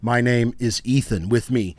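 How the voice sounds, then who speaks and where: A young man with a mid-range, slightly dark voice co-hosts a podcast at a moderate pace, recorded dry. He's tired and worn out after being sick, rambling and joking through casual banter and trailing off with fillers.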